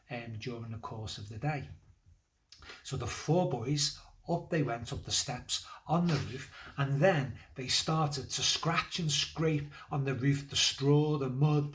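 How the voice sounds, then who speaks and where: Man telling a Bible story to children. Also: medium pitch. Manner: gentle, conversational storytelling with pauses and fillers; lively, building energy toward the climax of the story. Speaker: church children's leader.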